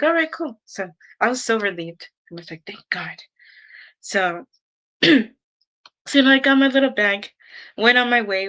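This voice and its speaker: Young woman vlogger with a bright, clear voice, chatty and rambling, casual storytelling to camera. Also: mid-range voice, rough recording. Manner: chatty, rambling, heavy use of "like" and "um". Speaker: YouTuber.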